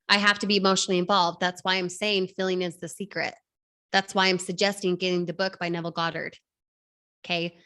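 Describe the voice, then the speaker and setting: A woman in her thirties coaching an online class, energetic, firing rhetorical questions at the audience. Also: medium pitch. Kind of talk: motivational class talk.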